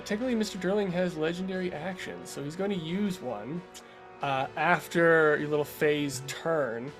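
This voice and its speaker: A man narrating as game master of a tabletop game, laughing often and halting with fillers. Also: on the high side, fairly bright tone, faint music behind.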